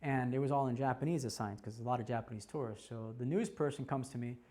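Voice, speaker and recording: A man in his forties teaching a class by telling his own story, animated and laughing often. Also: mid-range voice, fast talker. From United States. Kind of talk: personal storytelling talk.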